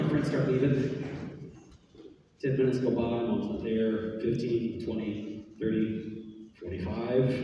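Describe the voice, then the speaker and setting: A man, a band teacher, telling a story to his students in an animated way and acting out the voices he quotes. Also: mid-range voice, slight background noise. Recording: echoey hall from far off.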